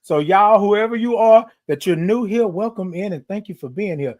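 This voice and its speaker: Lively high-voiced man hosting a livestream. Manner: greets commenters by name, drawn-out greetings, playful sing-song asides. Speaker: livestream host. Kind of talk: motivational livestream chat.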